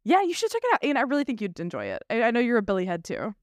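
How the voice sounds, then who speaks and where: A man co-hosts a casual film podcast, talking animatedly with frequent restarts and the occasional swear. His voice is smooth and resonant, recorded close and dry with no room sound. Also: very high voice, wildly swooping pitch, very fast, dry recording. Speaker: podcast co-host.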